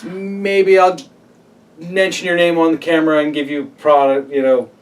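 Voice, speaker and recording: A man's voice: on the high side, flat delivery, moderate pace, recorded from a distance. A man co-hosting a casual gaming news chat, joking and mocking himself. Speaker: co-host.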